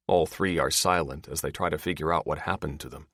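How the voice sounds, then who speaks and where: A man's voice: a bass voice, normal speed, few pauses, a bit bright, no room sound, studio quality. A man narrating an audiobook in scripted style, who does all the characters' voices himself.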